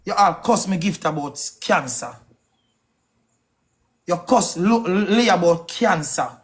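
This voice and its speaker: Angry high-voiced Jamaican man ranting. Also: expressive. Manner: angry, accusing, rapid-fire questions. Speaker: TikTok live streamer. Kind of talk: heated live-stream rant.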